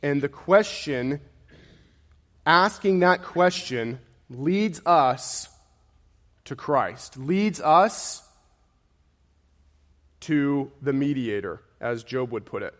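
A man's voice: fairly high pitch, lively intonation, drawn-out words, long pauses, fairly bright tone, in a large hall. A man preaching a sermon, emphatic and repetitive, his intensity rising and falling.

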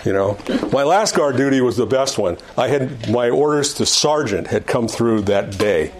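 In a church classroom, an older man leads an adult Sunday school Bible lesson with a medium-pitched, expressive voice at a moderate pace while a crowd is audible behind him. His conversational teaching repeats phrases and restarts sentences, climbing and quickening on the key points.

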